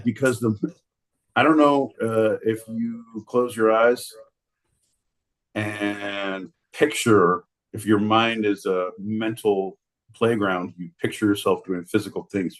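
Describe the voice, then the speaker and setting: A man's voice: on the low side, steady tone, slow pace. A man co-hosting a podcast in casual, playful chat, riffing on wordplay and cursing freely. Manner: playful, riffs on wordplay, swears. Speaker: podcast co-host.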